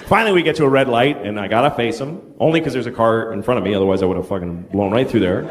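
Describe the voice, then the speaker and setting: A middle-aged man performing stand-up comedy on stage, telling stories in an animated, incredulous way. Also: medium pitch, very fast. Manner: animated, incredulous storytelling with swearing. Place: comedy stage before a live audience. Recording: live stage recording with background noise.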